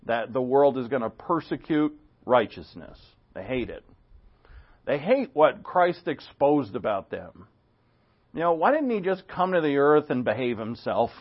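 A man teaching a Bible class verse by verse, conversational, with rhetorical questions and animated quoting. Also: mid-range voice, unhurried, dull audio.

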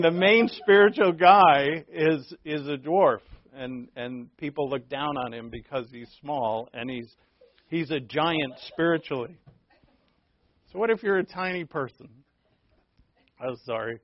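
A man preaching a sermon, telling stories with animated acted-out quotes and laughing at himself. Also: on the high side. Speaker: pastor. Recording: dull, dry lo-fi recording.

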